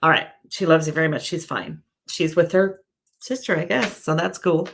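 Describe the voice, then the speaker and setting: A woman's voice: deep voice, expressive, moderate pace, gravelly, fairly bright tone, slight background noise. A woman working as a psychic medium, giving live-stream readings to viewers in a chatty, searching way, with many fillers and self-corrections. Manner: reads viewer comments aloud.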